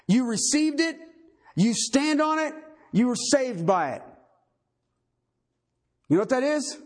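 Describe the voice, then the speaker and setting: Male pastor, sermon, lively high voice, unhurried. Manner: emphatic, swings from loud to low.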